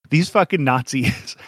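A man co-hosting a podcast in an easygoing, rambling way. He laughs often and fills pauses with ums and likes. He talks slowly, and the sound is close and dry. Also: fairly high pitch, fairly bright tone, dry recording. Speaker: podcast co-host. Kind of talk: casual podcast chat.

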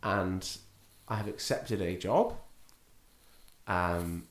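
A man's voice: deep voice, drawn-out words, reverberant. A man co-hosting a podcast in casual chat, hesitant and full of ums. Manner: chatty, hesitant with many ums. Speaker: podcast co-host.

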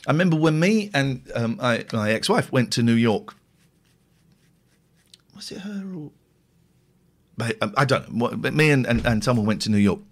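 A middle-aged man from England hosts a radio show in a loose, jokey, rambling way. His pitch swings widely as he tells stories. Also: very animated, normal speed, long pauses. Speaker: radio host reading listener messages. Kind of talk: casual chat.

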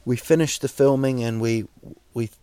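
A man with a New Zealand accent hosting a solo podcast, rambling deadpan jokes with many fillers and restarts. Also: medium pitch, normal speed, a little hiss or hum. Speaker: podcast host. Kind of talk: solo comedic podcast monologue.

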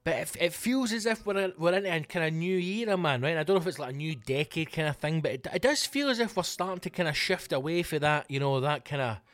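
A man's voice: a little high, no echo. A Scottish man hosting his own comedy podcast, ranting casually and swearing a lot. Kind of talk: casual solo rant.

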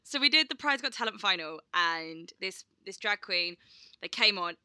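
A woman's voice: medium pitch, lively intonation, moderate pace, bright, forceful tone, smooth, no room sound, clean studio sound. A young woman, co-hosting a podcast and telling a story in a chatty way, laughing often and swearing casually. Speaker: podcast co-host. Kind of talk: casual chat.

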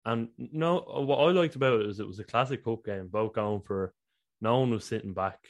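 A man from Ireland with a slightly low voice co-hosts a casual podcast. He talks football with plain enthusiasm, relaxed and conversational. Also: brisk. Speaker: podcast co-host. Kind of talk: casual chat.

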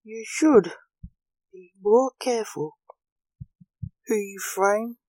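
A woman's voice: mid-range voice, slow pace, warm tone, no echo, pitched above the performer's own voice, close to an everyday voice, poor audio. A woman voicing a gloomy, world-weary male King of Death in a storybook reading. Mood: dry, commanding.

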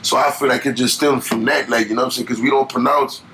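A man's voice: medium pitch, fairly even intonation, fast talker, noisy background. A young man from Louisiana with a Louisiana accent, a guest chatting casually in a laid-back, rambling way full of fillers. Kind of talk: casual interview chat.

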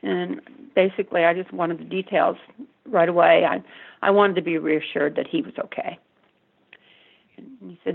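An older woman speaks in a low, husky voice, often stopping and restarting mid-sentence as she recalls events as a mother. She comes through a thin, tinny phone line. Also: fairly even intonation. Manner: halting, stuttering, many restarts. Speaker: mother of the convicted man, interviewee. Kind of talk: emotional personal recollection.

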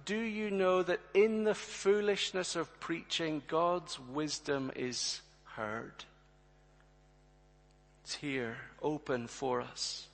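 Male preacher, sermon delivery, measured pace, emphatic, long church reverb. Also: a little high, fairly even intonation, vocal fry, a bit bright. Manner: emphatic, rhetorical questions, addresses congregation directly.

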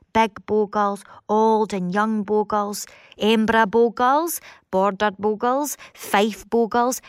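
A middle-aged woman with a Scottish accent, delivering a dramatic monologue with expressive, theatrical swings between loud and hushed. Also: medium pitch, no room sound, clean studio sound.

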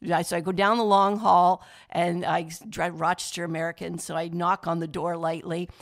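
Middle-aged woman, lively storyteller, acts out the voices she quotes. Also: on the low side, normal speed. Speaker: daughter sharing memories. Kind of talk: casual storytelling.

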